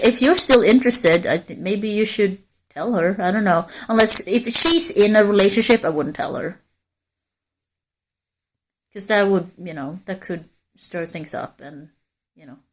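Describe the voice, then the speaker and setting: Strolling in a forest, this woman streams live and chats casually and openly with her audience, rambling as she goes. She has a medium-pitched voice and keeps a moderate pace.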